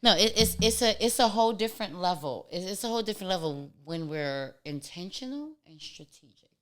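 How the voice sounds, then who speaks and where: A woman's voice: mid-range voice, animated, brisk, fairly bright tone. A woman, a podcast guest in casual chat, earnest and emphatic, repeating her points for weight.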